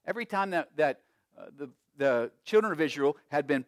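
A man preaching a sermon as pastor, emphatic, with big swings between loud and quiet and frequent restarts. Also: a little high, expressive, a little fast, dry recording, clean studio sound. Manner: frequent repeated words and restarts.

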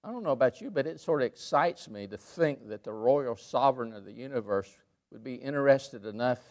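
A man preaching a sermon in a church, emphatic, rising to loud peaks and dropping to quiet asides. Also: medium pitch, expressive, brisk. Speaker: pastor. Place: church sanctuary.

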